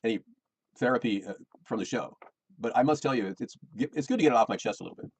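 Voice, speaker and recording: A man's voice: mid-range voice, expressive, quick pace, a little mellow, slightly rough, low-quality recording. A middle-aged American man, rambling and defensive, repeating himself as he complains about his personal life. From United States.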